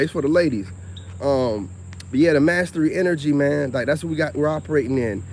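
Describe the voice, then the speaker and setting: A man's voice: a little high, a little fast, a little mellow, slight background noise. A man talking loosely and at length straight to his viewers, outdoors by a road. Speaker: vlogger. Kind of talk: casual monologue to camera.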